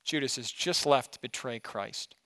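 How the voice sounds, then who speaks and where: A pastor preaching an expository sermon in a conversational way, asking his listeners questions and swinging between emphatic and quiet. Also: medium pitch, normal speed.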